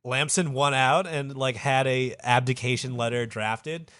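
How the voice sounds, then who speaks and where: A man's voice: medium pitch, a little slow, fairly bright tone, no room sound, studio quality. A man hosting a comedy podcast and telling a story in a profane, rambling way. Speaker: podcast host.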